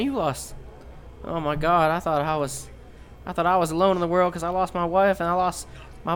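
A man voicing a grieving old male dwarf mechanic who talks roughly and swears, in a tabletop role-play. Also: sits high, a bit bright, voice pushed up.

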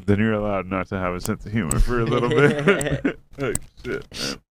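A man's voice: fairly low pitch, animated, moderate pace, slight background noise. A man telling a story in casual chat, rambling and swearing, acting out what people said. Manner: rambling, profane, acts out quotes.

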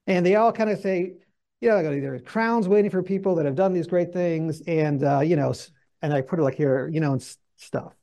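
Guy teaching bible class, kinda high voice but gravelly, acts out quotes as he goes. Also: normal speed, warm tone. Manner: conversational with restarts.

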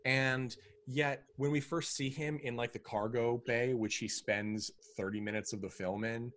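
A man's voice: medium pitch, steady tone, unhurried, fairly bright tone, no echo. A man hosting a film podcast, talking in a rambling, wry way with many fillers and restarts. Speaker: podcast host reviewing films. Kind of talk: casual chat.

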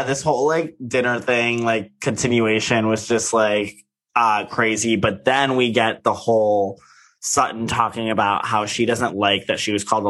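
Bright-voiced gossipy man. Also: fairly low pitch. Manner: gossipy, lots of filler words. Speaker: podcast co-host. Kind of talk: casual chat.

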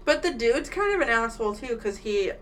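A blunt woman in her thirties trades wry quips in a casual chat. Her voice sounds bright and sharp, with a faint hiss of noise behind her. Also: fairly high pitch, expressive, brisk. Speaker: podcast co-host.

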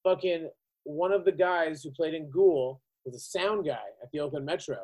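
A man hosting a podcast, telling an animated, profanity-heavy story in casual chat. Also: on the high side, moderate pace, rough recording. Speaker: podcast host.

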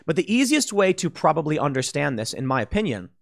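A man's voice: a little high, sing-song, quick pace, creaky. Stammering man ranting in a monologue. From Chicago. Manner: rambling, frequent stammered restarts and fillers. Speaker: commentary host. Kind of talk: political commentary monologue.

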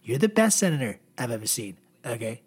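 A man's voice: mid-range voice, sing-song, brisk, breathy edge, pitched below the performer's own voice. A man doing an impression of a boastful male president who brags about his lying. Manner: boastful, repeating "okay", hushed.

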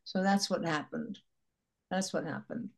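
An older woman actress with a husky voice, telling animated anecdotes as an interview guest. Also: on the low side, a little slow. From Chicago area. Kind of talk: casual interview chat.

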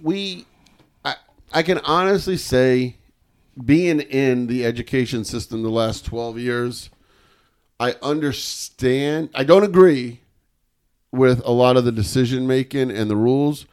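A man's voice: medium pitch, a little slow, clean tone. A man who works in education, needling his friend in sardonic casual chat.

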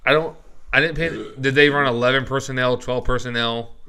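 A man's voice: mid-range voice, fairly even intonation, moderate pace, crowd noise. A man co-hosting a podcast, talking sports in a blunt, teasing way and steering the conversation. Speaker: podcast co-host. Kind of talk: casual sports chat. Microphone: studio microphone.

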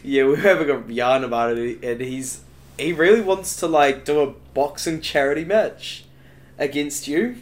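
A man's voice: fairly high pitch, moderate pace. A young man co-hosting a casual podcast, swearing often and laughing while telling stories. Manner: swearing, laughing, slangy storytelling. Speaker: podcast co-host.

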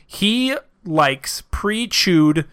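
A man's voice: high voice, animated, drawn-out words, fairly bright tone, clean tone. A man co-hosting a comedy podcast, reading a silly story aloud word for word and often cracking up. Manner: reads verbatim, often cracking up. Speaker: podcast co-host, narrator of fan fiction.

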